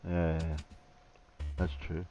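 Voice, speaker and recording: A man hosting a live stream, chatting casually and muttering hesitantly while he works his stream software. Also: rumbling low, flat delivery, slow pace, a little hiss or hum. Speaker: livestream host. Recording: distant muffled mic.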